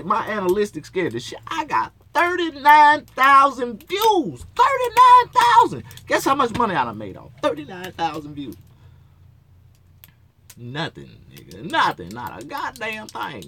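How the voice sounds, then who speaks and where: A man with a high, bright voice that leaps around as he rants. He curses constantly and rambles from one complaint to the next, hosting his own talk show from inside his motorhome. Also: a little hiss or hum. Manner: profane, rambling rant with frequent cursing. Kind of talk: solo ranting talk show.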